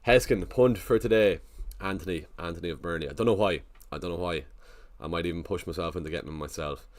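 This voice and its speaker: A man's voice: low voice, fast. A man casually chatting on a live stream, thinking aloud and greeting viewers in the chat. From Ireland.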